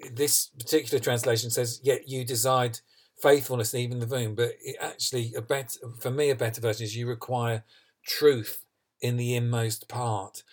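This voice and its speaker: A man's voice: medium pitch, flat delivery, moderate pace. A man preaching a sermon, earnest and emphatic, reading scripture and asking questions he answers himself. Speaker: pastor.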